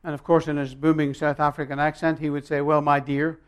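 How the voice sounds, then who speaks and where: A male pastor preaching a sermon, emphatic and swinging between loud and quiet, telling stories with long pauses. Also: a little high, little pitch movement, clean tone.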